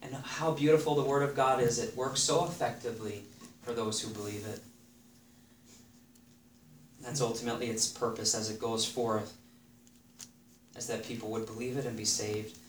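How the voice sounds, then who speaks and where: A mid-range, somewhat bright male voice preaches earnestly, reading scripture and repeating phrases for emphasis. The recording has an echoey room sound, a distant mic, and faint background noise.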